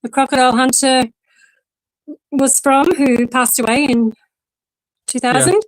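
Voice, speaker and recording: A woman's voice: high-pitched, little pitch movement, measured pace, dry recording, low-quality recording. An Australian woman chatting casually as co-host and explaining things at length. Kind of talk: casual chat.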